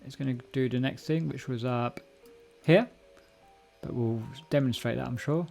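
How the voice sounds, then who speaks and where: Gravelly man thinking aloud while coding. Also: mid-range voice, moderate pace, a little mellow, soft background music. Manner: thinks aloud, corrects himself mid-sentence. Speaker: live-stream host learning a programming language. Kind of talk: casual live coding walkthrough. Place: home room at a computer. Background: keyboard typing and clicks.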